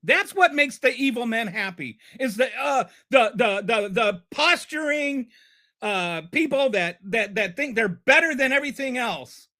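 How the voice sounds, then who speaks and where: A man's voice: very high voice, lively intonation, measured pace, sharp tone. A man hosting a live stream and ranting about politics. He is heated and sarcastic, and he stumbles and repeats words when he gets flustered.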